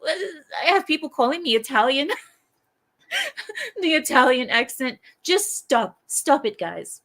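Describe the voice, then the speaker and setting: A woman's voice: fairly high pitch, measured pace, fairly bright tone. A woman hosting a livestream, reading viewer comments aloud and answering them in an exasperated way, with frequent sighs and rhetorical questions. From lives in America.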